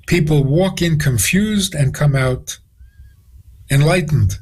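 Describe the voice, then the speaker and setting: A man's voice: mid-range voice, animated, slow, long pauses, breathy edge, rough recording. A rabbi, a man, tells stories with quoted dialogue as a guest on a radio interview. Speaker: rabbi answering questions as a guest.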